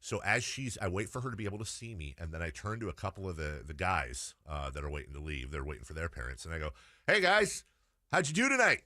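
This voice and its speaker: A man in his forties hosting a sports radio show, telling an animated story about his daughter in quick bursts. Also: very deep voice, no echo, clean studio sound. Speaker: radio host.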